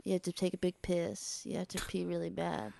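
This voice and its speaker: A woman's voice: fairly low pitch, level tone, brisk, vocal fry, warm tone, no room sound. A woman hosting a comedy podcast, telling an improvised story in a rambling way with many "like"s. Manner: rambling, heavy use of "like".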